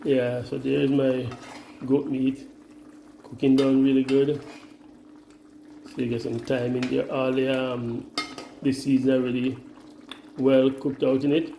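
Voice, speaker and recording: A man's voice: mid-range voice, flat delivery, slow pace, vocal fry, long pauses, dark tone, slight background noise. A Jamaican man vlogging at home while cooking, rambling and exasperated, repeating himself as he talks. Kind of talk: casual vlog while cooking. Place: home kitchen. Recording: echoey room.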